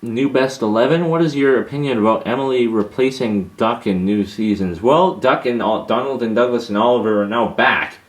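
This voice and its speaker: A man's voice: mid-range voice, moderate pace, hardly any pauses. A young man answering viewer questions in a casual, hesitant monologue, with many fillers and restarts.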